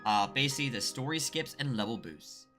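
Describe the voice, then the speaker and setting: A man's voice: medium pitch, animated, a little fast, pushed and bright, faint music behind. A man hosting a casual streamed interview about a game, upbeat and rambling, with many fillers. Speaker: host.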